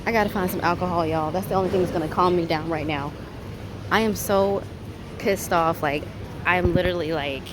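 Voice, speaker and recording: A woman talking casually to her phone camera in an airport for a travel vlog, chatty and expressive, venting her frustrations as she goes. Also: lowish voice. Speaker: travel vlogger. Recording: noisy airport ambience.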